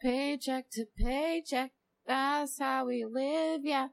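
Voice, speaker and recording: A woman co-hosting a crude, casual podcast from a small shed. Her voice sits a touch high and she talks slowly. She giggles a lot and breaks into bits of pop songs. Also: fairly even intonation, dry recording. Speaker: podcast co-host.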